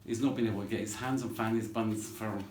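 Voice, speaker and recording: A man's voice: on the low side, steady tone, quick pace, darkish tone, slight background noise. Man, home cooking host, cheeky rambling patter; echoey kitchen with pots and dishes clattering behind. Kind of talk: chatty cooking demonstration.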